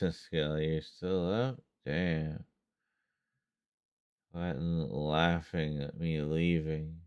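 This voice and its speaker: A man's voice: a bass voice, steady tone, very slow, long pauses, a little mellow, smooth, no room sound, dull audio. A man hosting a livestream, chatting casually with viewers, reading their messages aloud and laughing often. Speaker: livestream host.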